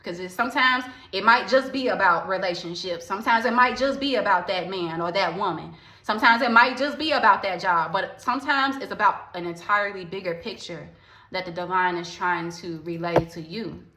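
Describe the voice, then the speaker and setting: A woman's voice: mid-range voice, fairly quick, bright, forceful tone. Candid woman in an echoey room. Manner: candid, repeats phrases for emphasis, addresses viewers directly. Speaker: vlogger, spiritual healer. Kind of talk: casual storytime monologue.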